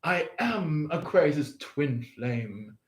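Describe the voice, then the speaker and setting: A man voicing a smug, scheming rival lover in a higher, twangy taunting voice. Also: big pitch swings, slow pace, roomy sound.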